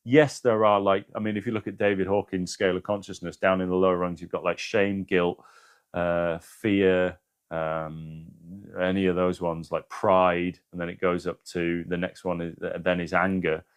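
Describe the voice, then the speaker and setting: Low-voiced man talking casually on a livestream. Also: little pitch movement, moderate pace, smooth. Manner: earnest, swears freely, reads quotes with emphasis. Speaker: spiritual live-stream host. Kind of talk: casual livestream talk, reading aloud.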